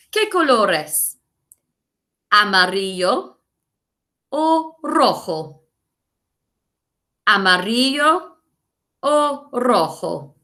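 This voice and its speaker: A sharp-toned, mid-range voice belongs to an English woman who teaches primary school. In a recorded lesson, she clearly and encouragingly models words for the children to say back.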